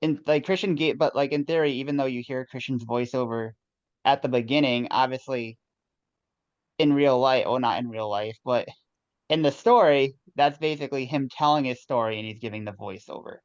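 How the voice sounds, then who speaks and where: A man's voice: medium pitch, moderate pace, no room sound. A man directing a rehearsal, giving notes to actors in a rambling way with many restarts. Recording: dull dry lo-fi sound.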